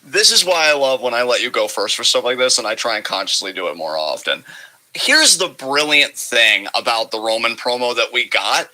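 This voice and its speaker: A man co-hosting a casual wrestling review podcast, breaking down the show in a measured, analytical way with the odd curse. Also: mid-range voice, big pitch swings, pushed and bright, poor audio. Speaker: podcast co-host.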